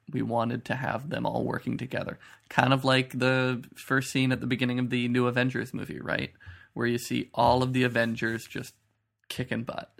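A man co-hosting a podcast, reviewing a TV show in casual chat with measured, skeptical remarks. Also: medium pitch, vocal fry. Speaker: podcast co-host.

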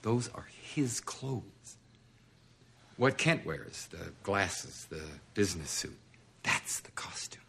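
An actor playing a calm, world-weary middle-aged male killer, musing in a slow, deliberate film monologue with hushed asides. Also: fairly low pitch, gravelly, breathy edge, heavily acted. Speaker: film character in a played intro clip. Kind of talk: film dialogue.

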